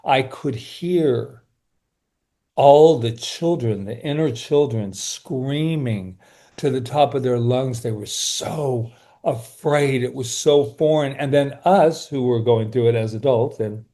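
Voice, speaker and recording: Man, mid pitch, soft and earnest, drops quiet and slow a lot, mellow. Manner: earnest, soft-spoken, often slowing and quieting. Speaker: guest, workshop leader. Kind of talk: reflective interview talk.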